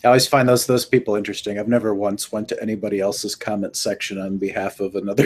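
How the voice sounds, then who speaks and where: A man's voice: on the low side, steady tone, quick pace, few pauses, darkish tone. A man appearing as a guest on a live stream, chatting casually and laughing easily, often hedging with "I mean.". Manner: easygoing, laughs, hedges with "I mean". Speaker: podcast guest. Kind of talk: casual chat.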